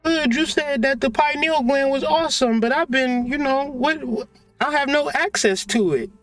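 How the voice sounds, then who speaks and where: A man's voice: very high voice, normal speed, fairly bright tone, no echo, soft background music, pitched above the performer's own voice. A man putting on a whiny wannabe-spiritual guy. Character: naive wannabe-spiritual young man, boastful. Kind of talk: comedic put-on voice in a rant.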